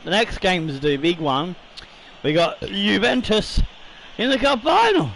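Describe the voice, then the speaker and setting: A slightly tipsy man chatting his way through a football game session, his words a little slurred. His voice sits high for a man. He rambles and swears casually, with a faint hiss underneath. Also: expressive, a little slow, vocal fry, a bit bright, poor audio. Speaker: gaming YouTuber host. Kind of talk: casual let's-play commentary.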